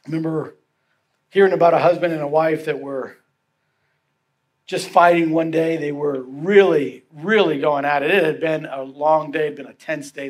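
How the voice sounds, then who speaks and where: A man with a notably high voice delivers a sermon to his congregation. He tells stories, repeats phrases for emphasis and often sinks to soft, quiet lines. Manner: storytelling preacher, repeats phrases for emphasis, drops to soft tones. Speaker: pastor.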